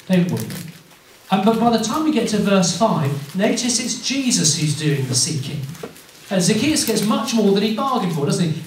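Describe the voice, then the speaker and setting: English man, earnest student-mission preacher, slightly high voice, distant mic in a very echoey room. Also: a little hiss or hum. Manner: earnest, questioning, repeats words when restarting. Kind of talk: evangelistic talk. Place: university lunchtime event room.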